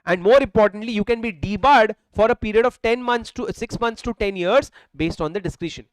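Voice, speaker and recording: A man's voice: high voice, a little fast, dry recording. A young man with an Indian English accent giving a classroom lecture, emphatic and repetitive, often calling students "sir". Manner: emphatic, repeats phrases, addresses students as sir. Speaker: teacher. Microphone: handheld or lapel mic.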